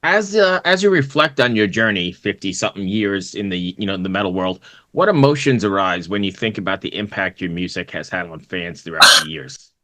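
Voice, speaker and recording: A man's voice: low-pitched, expressive, brisk, bright, forceful tone, dry recording. A man hosting a podcast, asking interview questions in a friendly, self-deprecating way and sometimes tripping over his words. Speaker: podcast host.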